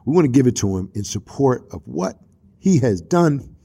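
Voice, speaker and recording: Husky animated preacher-style radio host man. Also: medium pitch, normal speed. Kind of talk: casual street-ministry talk and storytelling.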